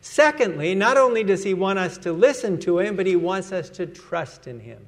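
A man's voice: high voice, animated, normal speed. A man preaching a sermon as pastor, earnest and emphatic, letting his voice fall at the end of each phrase.

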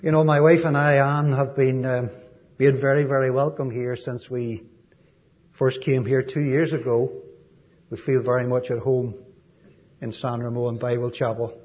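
An Irish man giving a sermon as a visiting preacher, gentle and folksy, with frequent ums and asides. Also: mid-range voice, flat delivery, normal speed, muffled recording. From Ireland.

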